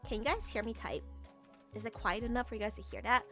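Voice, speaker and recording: A young adult woman streamer chatting casually with viewers, teasing and often breaking into loud laughter. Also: a little high, fast, faint music behind. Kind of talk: casual livestream chat.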